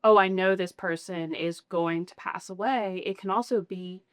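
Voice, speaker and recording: A woman hosting a podcast, calmly explaining an idea for listeners in a supportive way. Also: fairly low pitch, moderate pace, clean tone, no echo, studio quality. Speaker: podcast host. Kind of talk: conversational podcast talk.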